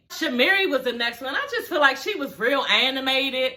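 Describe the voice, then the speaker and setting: A woman chatting casually to her viewers, sassy and blunt, cursing freely. Her voice sits a little high and rings bright and forceful. She sounds close to the mic in a home setting. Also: lively intonation, moderate pace. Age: adult with a daughter. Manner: sassy, blunt, swears freely, sings snippets mockingly. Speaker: show reviewer. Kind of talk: casual reaction commentary.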